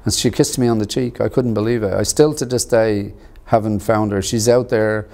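A middle-aged man from tells his own story in an interview, in a lowish voice. He speaks in an earnest, measured way, pausing and reaching for words. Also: steady tone, creaky, mellow. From Ireland. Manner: measured and earnest, with pauses and fillers. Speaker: actor and author interviewed about his book. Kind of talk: reflective personal storytelling.

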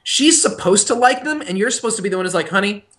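A man's voice: high voice, animated, fast talker, fairly bright tone. A young man co-hosting a podcast, telling stories animatedly with many restarts. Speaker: podcast co-host. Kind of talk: casual chat.

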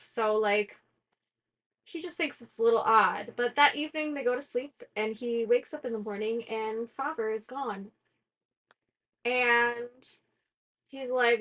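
A woman's voice: a little high, unhurried, a bit bright. A young woman hosting a book discussion, retelling a fantasy plot in a casual, chatty way full of "like" fillers and self-aware laughter. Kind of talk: casual plot summary chat.

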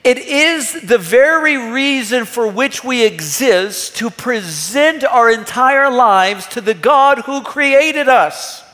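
A man's voice: very high-pitched, lively intonation, slow, few pauses, sharp tone. A man in his thirties, a pastor, preaching an earnest, emphatic sermon with rhetorical questions. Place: church hall. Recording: long hall reverb.

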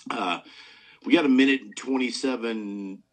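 A man's voice: mid-range voice, moderate pace, rough recording. A man hosting a podcast in loose casual talk, rambling with lots of "man" and "dude" and heavy swearing. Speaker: podcast host. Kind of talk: casual conversation.

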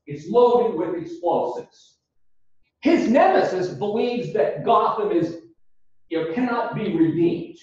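A man giving a classroom lecture on ethics, animated and raising his voice when he acts out quotes. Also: sits high, slow pace. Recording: distant lo-fi recording in a very echoey classroom.

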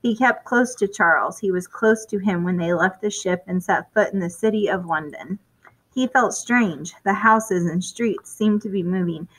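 A woman reading a children's chapter book aloud at a clear, even storytelling pace. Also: mid-range voice, normal speed, poor audio. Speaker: storybook reader.

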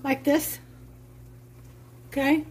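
A woman with a Brooklyn accent hosting a home cooking show, chatting warmly to viewers as she demonstrates a recipe. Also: high voice, little pitch movement, extremely slow, slight background noise. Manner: chatty, enthusiastic, talks to viewers. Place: home kitchen.

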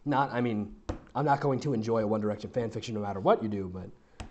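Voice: mid-range voice, fast, darkish tone, dull audio, slight background noise. A fanfic reader giving a mocking comedic reading, breaking off for sarcastic asides and frequent laughter.

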